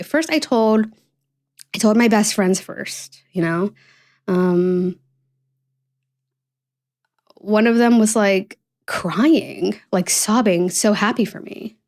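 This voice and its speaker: A woman's voice: medium pitch, a little mellow. Candid young woman rambling on a podcast. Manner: candid, rambling, full of fillers. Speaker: podcast host. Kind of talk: casual solo podcast chat.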